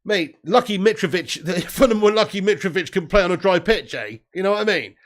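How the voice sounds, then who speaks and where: A man hosting a live football watch-along with a voice pitched high for a man. He commentates excitably, swears freely, laughs often, and reads out viewer messages between bursts of play. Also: fairly quick. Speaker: host.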